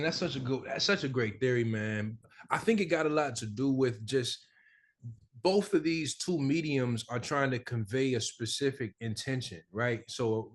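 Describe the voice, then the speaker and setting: A young man from the American South, an actor chatting casually in an interview, animated and full of repeated fillers. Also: mid-range voice. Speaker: actor guest.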